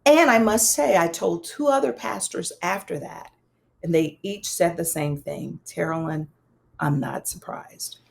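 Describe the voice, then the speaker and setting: A woman guest, a psychologist and pastor, telling a personal story in an interview, animated and conversational with touches of self-deprecating humor. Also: a little slow, creaky. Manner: animated, acts out quoted dialogue with big pitch swings.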